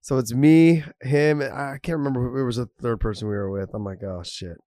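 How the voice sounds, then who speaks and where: A man's voice: mid-range voice, quick pace, mellow, no echo, clean studio sound. A man co-hosting a talk show, telling a story in a rambling, amused way and laughing as he goes. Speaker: podcast co-host. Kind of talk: casual storytelling.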